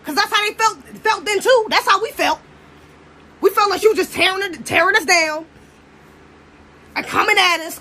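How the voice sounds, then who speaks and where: A woman's voice: very high-pitched, moderate pace, pauses often, bright, forceful tone, slight background noise. A young American woman giving a blunt, preachy, profane casual monologue. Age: young adult. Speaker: commentator.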